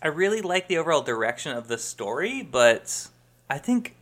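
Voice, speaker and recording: A man's voice: on the high side, big pitch swings, normal speed, a bit bright. A man co-hosting a podcast in a rambling, casual chat, laughing often and filling with "like.". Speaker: podcast co-host.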